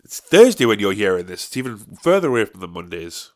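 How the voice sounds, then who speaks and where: A man's voice: on the low side, sing-song, brisk, a little mellow. A man hosting a podcast, ranting alone in a profane, sarcastic way. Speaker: podcast host. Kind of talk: solo podcast rant.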